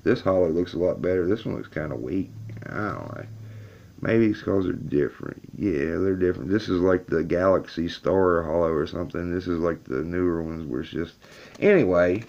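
A man's voice: sits low, moderate pace, darkish tone, dull audio. A man filming himself in a laundry room as he opens trading card packs, talking to his viewers in a casual, chatty way and growing frustrated. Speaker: YouTuber opening card packs. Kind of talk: casual video commentary. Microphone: camera on a table.

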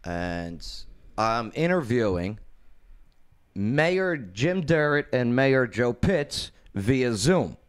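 A man hosting his own talk show, telling a story in a lively, animated way with quoted voices. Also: medium pitch, extremely slow, smooth. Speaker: radio show host.

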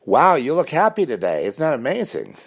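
A man's voice: deep voice, big pitch swings, fairly quick, exaggerated voice. A man voicing a sarcastic, taunting stranger in a mocking, sing-song voice. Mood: mock-cheerful.

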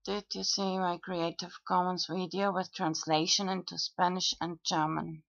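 A woman video blogger talking through her own comments in a monologue, with frequent pauses and fillers. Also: on the low side, flat delivery, vocal fry, a bit bright, dry recording. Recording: dull lo-fi dry recording.

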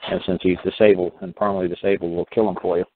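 A man's voice: sits low, little pitch movement, very fast, a little hiss or hum. A man talking at length in a rambling, casual way, full of fillers and repeated words. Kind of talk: casual rambling call-in talk. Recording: tinny phone line.

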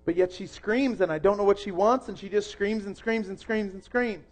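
High-voiced pastor preaching earnestly. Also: male voice, normal speed. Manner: earnest, swings from soft to loud emphasis. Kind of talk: sermon. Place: church.

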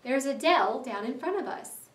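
A woman voicing a brisk, practical male water rat with a bossy, exclaiming manner, read aloud for a class. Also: sits high, expressive, reverberant, recorded from a distance.

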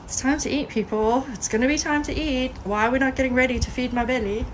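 A woman's voice: high voice, steady tone, quick pace, natural voice. A woman voicing her hungry, impatient female bulldog as a demanding inner voice, in a noisy outdoor phone recording. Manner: demanding, matter-of-fact inner voice.

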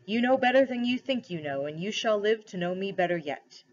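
A woman voicing a majestic male lion, speaking slowly and solemnly in a dull lo-fi recording. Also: medium pitch, lively intonation, lightly acted. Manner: slow, solemn, measured delivery.

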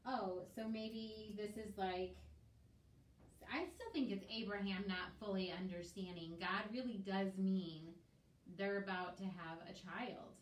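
Woman in a bible study, slow and unsure, far from the mic in an echoey room, bit of hiss. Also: medium pitch. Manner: tentative, thinking aloud with hedges. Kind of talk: casual group discussion. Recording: distant echoey room mic with faint noise.

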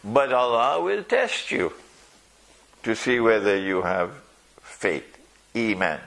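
A man delivers a sermon in a gravelly voice with some vocal fry. He speaks slowly and emphatically, pausing to ask rhetorical questions and slip in dry jokes. His pitch rises and falls widely. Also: animated, a bit bright. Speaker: Islamic preacher. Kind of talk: sermon to a live audience.

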